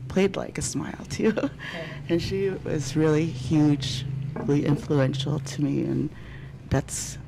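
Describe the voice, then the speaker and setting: Gravelly, hesitant woman. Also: low-pitched, slight background noise. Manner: hesitant, many ums, grateful and soft-spoken. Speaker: violinist guest. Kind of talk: casual panel talk.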